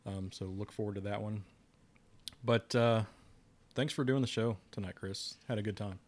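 Chatty low-voiced male podcast host. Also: normal speed. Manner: chatty, rambling with restarts and laughs. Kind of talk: casual chat.

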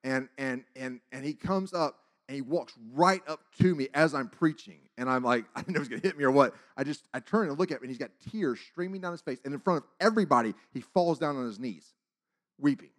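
A man preaching a testimony as a sermon, telling his story with acted-out dialogue and big swings between loud and hushed. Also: mid-range voice, expressive, fairly quick.

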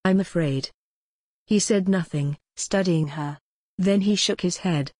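A woman narrating a gothic novel in an even, steady storytelling voice. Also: lowish voice, a little slow, no echo, studio quality. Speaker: audiobook narrator.

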